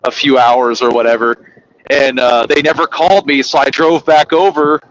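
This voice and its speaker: A man's voice: medium pitch, fairly even intonation, moderate pace, a little hiss or hum, poor audio. A man who drives trucks, telling a casual story in a rambling, profane way. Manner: rambling, profane, acts out quoted people.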